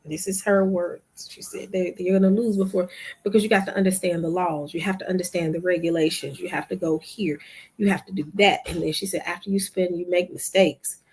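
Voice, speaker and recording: A woman with a lowish, husky voice hosts a live online show. She speaks loosely and conversationally to her viewers, calling them "y'all" and acting out the back-and-forth of a conversation she had. The tone is a relaxed storytelling chat. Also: a little fast. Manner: chatty, addresses viewers as "y'all", retells conversations in quoted dialogue. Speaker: livestream show host. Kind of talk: casual storytelling to a live audience.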